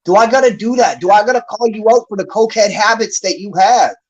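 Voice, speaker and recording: Man, high voice, heated livestream rant, profane, angry callout. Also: quick pace, a little mellow, dull audio. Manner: angry, profane, calling someone out. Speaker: battle rap league host.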